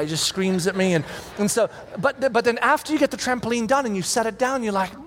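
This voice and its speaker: A man in his forties preaching a sermon as pastor, telling stories animatedly and shouting out the lines he quotes. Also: sits high, expressive, brisk, few pauses. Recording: long hall reverb.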